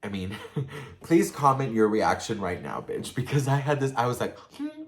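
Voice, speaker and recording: A man's voice: mid-range voice, lively intonation, normal speed. A young man telling a personal story in a casual, profane, gossipy way, full of fillers and asides to his viewers. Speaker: storytime vlogger.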